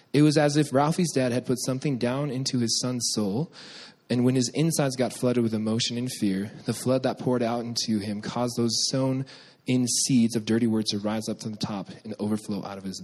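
A man's voice: mid-range voice, a little mellow. A young man delivers a sermon in a storytelling way, acting out quoted voices as he goes. His voice sits in the middle of the range for a man. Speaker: pastor.

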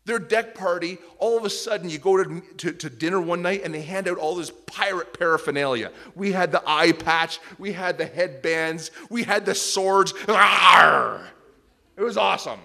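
A middle-aged male pastor preaching a sermon, telling a personal story in an animated way that swings from soft and tender to loud and excited. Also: sits high, moderate pace, hardly any pauses. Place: church service before a congregation.

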